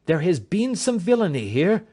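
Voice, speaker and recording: A man's voice: high-pitched, moderate pace, voice pushed up. A man voicing a keen, commanding male detective in an audiobook reading. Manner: crisp, authoritative, animated.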